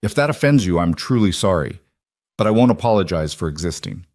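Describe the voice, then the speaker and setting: A man's voice: low voice, fairly quick. A man voicing a proud young single mother. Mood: steely. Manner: calm and restrained.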